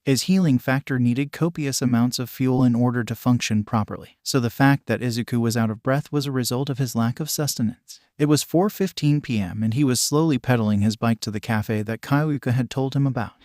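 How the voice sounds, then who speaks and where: A man with a mid-range voice narrates a story at a steady, even pace. He keeps the delivery flat and measured, barely shifting for the characters. The sound is dry and close, with no room around it. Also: mid-range voice, no room sound. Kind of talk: scripted fan-fiction narration.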